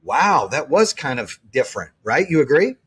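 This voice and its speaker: Earnest husky man hosting a podcast. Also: mid-range voice, big pitch swings, normal speed, fairly bright tone. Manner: earnest, rambling, frequent restarts. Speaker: podcast host. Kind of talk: casual interview chat.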